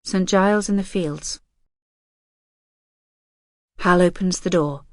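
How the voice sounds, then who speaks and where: Woman calmly reading an audiobook, low voice. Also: slow, no echo, clean studio sound. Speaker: audiobook narrator. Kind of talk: third-person scripted narration.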